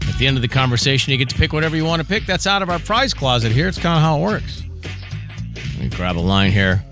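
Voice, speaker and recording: A man's voice: mid-range voice, big pitch swings, fast, over music. A man co-hosting a casual morning radio show, chatting and joking through entertainment news. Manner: chatty, jokey storytelling. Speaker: radio co-host. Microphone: studio mic.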